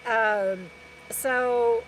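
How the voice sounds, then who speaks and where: A woman's voice: a little high, fairly even intonation, extremely slow, a little hiss or hum, poor audio. A woman from Texas, hosting a casual live stream from her camper and reading out viewer comments in a rambling, chatty way full of restarts and fillers. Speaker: RV lifestyle vlogger.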